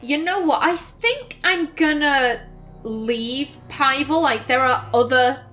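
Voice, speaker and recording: A young woman commenting on her gameplay, musing aloud and reading dialogue in a slow, thoughtful way. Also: high-pitched, sharp tone. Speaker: let's play host.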